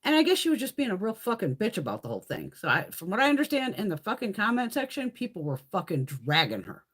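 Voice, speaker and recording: A woman's voice: mid-range voice, huge pitch swings, fast talker, fairly bright tone, husky. A woman hosting a casual live makeup stream, chatting in a blunt, profane, ranting way as she swatches products. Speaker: beauty livestream host. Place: home, in Connecticut.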